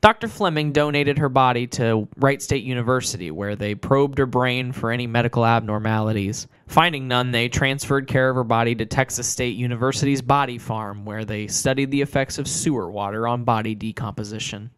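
Guy reading out his own story, smooth clear voice, middle pitch, dry close sound, gets ums when he chats. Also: no room sound. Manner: plain steady narration, halting with fillers when chatting. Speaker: storyteller and author. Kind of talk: reading a dark short story, then casual chat.

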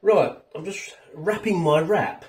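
A chatty man talks his way through a food review, chewing between bits and wandering off-topic. His pitch sits a little high and swings about lively. He sounds a bit far from the mic in an echoey home kitchen. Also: slow pace. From England. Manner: chatty and rambling, talks while eating. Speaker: food vlogger. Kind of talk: casual food review vlog.

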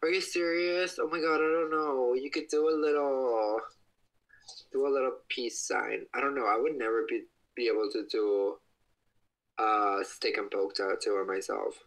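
A young man chatting casually on a livestream from his home kitchen, excitable and gushing, breaking into high squeals, speaking into a phone held at arm's length. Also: normal speed, low-quality recording.

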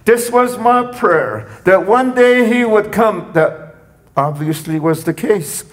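A man preaching a sermon, repeating phrases and rising to loud cries when he quotes. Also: high-pitched, lively intonation, slow. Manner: repetitive, rising to shouts when quoting.

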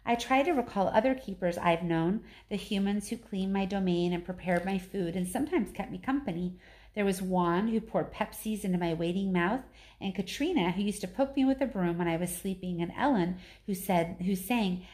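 A woman, a teacher, reading a children's novel aloud in steady first-person narration with small slips and restarts. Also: medium pitch, normal speed.

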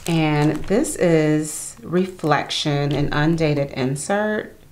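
A woman's voice: sits low, very slow, a little mellow, poor audio. A woman chatting casually as she unboxes planner supplies and murmurs to herself while handling each item.

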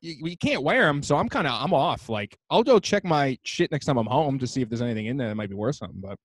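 A man's voice: medium pitch, expressive, fast talker, slightly rough. A man co-hosting a podcast in a loose casual chat, swearing and slangy. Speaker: podcast co-host. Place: New York.

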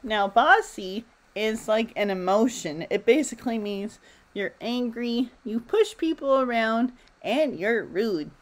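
A woman reading a children's picture book aloud in a gentle, expressive way, chatting to her listeners. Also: on the high side, measured pace. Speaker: storybook reader. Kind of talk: children's story read-aloud.

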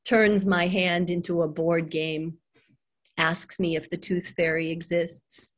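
A middle-aged woman, reading her own poems on a video call, slow and quiet on the lines. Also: level tone. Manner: slow, soft reading voice that drops low on the lines. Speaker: poet reading her work. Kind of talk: poetry reading with chat between poems.

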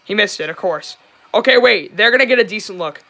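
A young man streaming a live reaction to a basketball game, excitable and prone to yelling at the plays, then apologizing. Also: sits high, fairly quick, soft background music. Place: home room, dog nearby.

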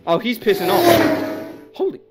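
A young Australian man giving excitable, joking let's-play commentary. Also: high-pitched, a little slow, loud music behind the voice. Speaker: gaming YouTuber.

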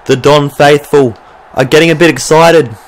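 A young Australian man giving excitable, sweary play-by-play commentary over a football video game he is playing. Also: a little high, moderate pace. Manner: mock sports commentator, swears freely when excited. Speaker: gaming channel host.

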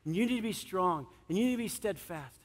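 A middle-aged male pastor preaching a sermon, animated, swinging between loud emphasis and soft, earnest moments. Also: sits high, quick pace. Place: church sanctuary. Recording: long church hall reverb.

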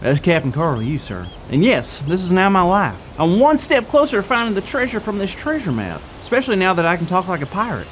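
A man's voice: sits high, very animated, quick pace, few pauses, fairly bright tone, slight background noise. A man playing Carl, a silly self-made pirate on a kids' church show, with a goofy, bouncy delivery and put-on pirate growls. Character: silly wannabe pirate named Carl, male, excitable and fire-fearing. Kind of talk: playful kids' ministry comedy bit.

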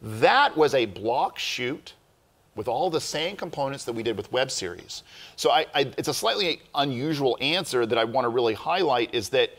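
A man's voice: medium pitch, lively intonation, normal speed, a bit bright. A man co-hosting a casual filmmaking chat show, explaining things in an earnest way. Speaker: filmmaker co-host.

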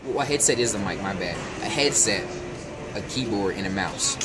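A man's voice: lowish voice, expressive, moderate pace, over a noisy crowd. A man streaming a video game, chatting in a laid-back way with gamer slang. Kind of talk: casual chat while gaming.

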